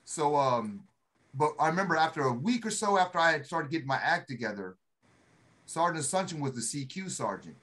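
A middle-aged man telling a story in a casual chat, animated and acting out the voices of the people he quotes. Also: fairly high pitch, brisk. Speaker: podcast co-host, Army veteran.

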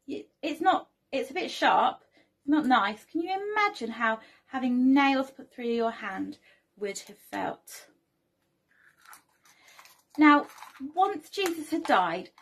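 A young woman with a slightly high voice runs a children's storytelling lesson inside a church. She keeps a gentle manner, posing questions to the kids and inviting their participation.

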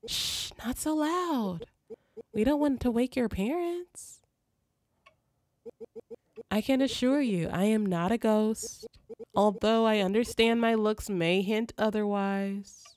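A woman reading the lines of a calm, solemn male spirit guide in a slow, formal way. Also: mid-range voice, clean tone, no room sound, studio quality, lightly acted. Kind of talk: reading game dialogue aloud.

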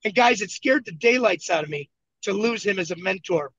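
A man's voice: high-pitched, lively intonation, fairly quick, fairly bright tone, dry recording. A man from Buffalo, New York, leading a motivational coaching session and telling his story with emphatic repetition over a video call from a moving vehicle. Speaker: team leader and coach. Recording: dull lo-fi video call audio.

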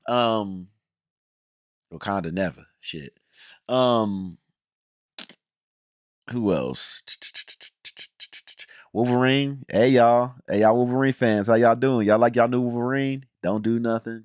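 A man hosting a casual reaction review, ranting in an animated, emphatic, slangy way with many restarts. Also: fairly low pitch, measured pace, long pauses, no room sound, clean studio sound. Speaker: reaction channel host.

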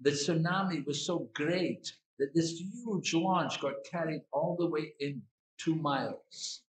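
A man giving an evening sermon as a swami, speaking slowly and deliberately with repetitions and asides. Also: on the high side, a little hiss or hum. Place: hall at an evening gathering. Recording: echoey hall.

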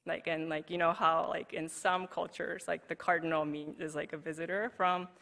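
A woman giving a conference talk with a bright, crisp tone. She speaks in a loose, chatty way, packing her sentences with "like" and breaking into easy laughter. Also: low voice, little pitch movement, normal speed. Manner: chatty, heavy use of "like", laughs easily. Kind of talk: recorded presentation talk.

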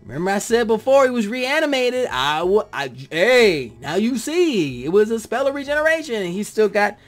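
Animated reviewer with faint background music. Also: medium pitch, moderate pace. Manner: animated, acts out own reactions; drifts into heartfelt tangents. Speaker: TV episode reviewer. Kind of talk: casual spoken review.

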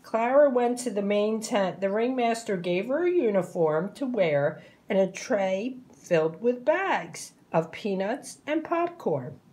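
A woman narrating a children's picture book aloud, clear and expressive. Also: medium pitch, slight background noise. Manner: slow, clear, expressive storytelling.

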